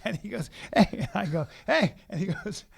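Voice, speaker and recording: Podcast co-host, male, high-pitched with a gravelly edge, loose and profane storyteller. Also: animated, normal speed. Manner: rambling, profane storytelling with acted-out quotes. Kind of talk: casual comedic chat.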